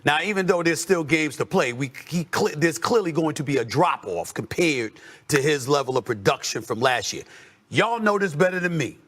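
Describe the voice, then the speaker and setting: A man hosting a sports debate show, arguing with emphatic rhetorical questions and drawn-out, sing-song stresses. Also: fairly high pitch, expressive, fairly bright tone. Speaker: sports talk host.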